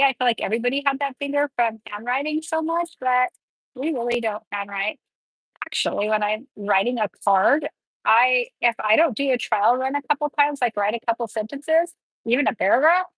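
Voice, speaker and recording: Woman nail educator, chatty step-by-step delivery, husky tone, dry close sound. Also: on the high side, a bit bright, dry recording, poor audio. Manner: chatty, explains each step while working. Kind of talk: live nail tutorial.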